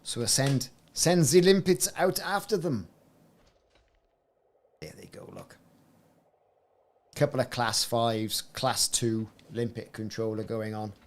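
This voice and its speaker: Speaking slowly with long pauses in a mid-range voice, a man gives live-stream commentary as he plays a game. This gaming streamer is chatty and rambling, often cutting himself off.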